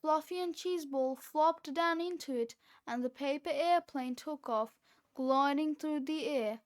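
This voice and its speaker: Woman narrator for a kids' storybook, high voice, unhurried. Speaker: children's book reader. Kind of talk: read-aloud storybook narration.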